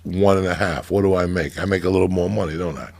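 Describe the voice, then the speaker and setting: A very deep, gravelly man spins profane, animated street stories in casual podcast chat. His husky voice sounds close and dry. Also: quick pace, dry recording. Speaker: podcast guest storyteller.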